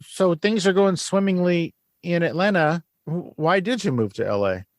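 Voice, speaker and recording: A man's voice: sits high, lively intonation, moderate pace. A man hosting a podcast interview, joking, swearing casually and laughing a lot. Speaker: podcast host.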